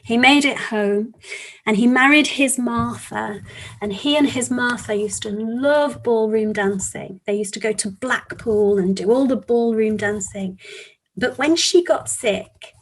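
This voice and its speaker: Woman presenter, higher voice, lively storyteller who acts out voices. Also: measured pace. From England. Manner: animated storyteller, acts out children's voices and beeps. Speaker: webinar presenter, teacher trainer. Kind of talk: storytelling talk.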